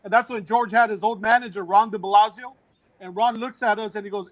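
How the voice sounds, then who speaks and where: A man's voice: sits high, steady tone, a little fast. A man on a comedy podcast telling a story in casual chat, full of slang and calling the others bro.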